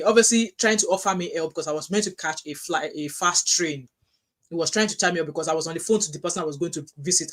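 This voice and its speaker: A middle-aged woman with a Nigerian accent, chatting casually on a livestream, telling animated stories and reading out viewer comments. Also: on the low side. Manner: animated storytelling with frequent restarts, reads out chat messages.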